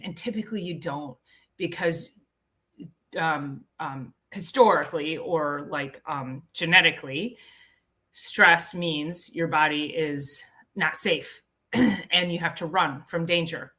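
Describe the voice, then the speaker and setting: A woman's voice: lowish voice, slow, pushed and bright. A woman hosting a casual health talk, chatty, often restarting her sentences and laughing easily. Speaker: health show host.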